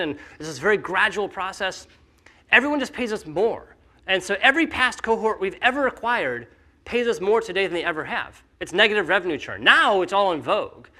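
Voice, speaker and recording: A man speaking casually at a conference, animated and full of fillers, acting out the skeptics he quotes. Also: high-pitched. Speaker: company founder speaking at a conference.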